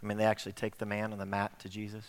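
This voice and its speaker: A man's voice: on the low side, monotone, rapid-fire, in a large hall. A man preaching a sermon, telling a story with acted-out dialogue.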